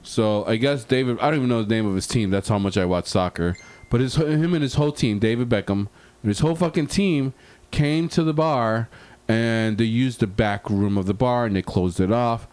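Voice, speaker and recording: A man's voice: mid-range voice, moderate pace, hardly any pauses, a little mellow, smooth, dry recording. Profane rambling man telling a story. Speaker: podcast co-host. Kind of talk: casual storytelling.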